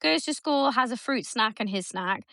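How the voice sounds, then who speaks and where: A woman's voice: fairly high pitch, moderate pace, no echo, studio quality. A woman co-hosting a podcast, telling stories in casual chat and acting out her son's lines. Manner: animated storytelling, acts out her son's lines. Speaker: podcast co-host.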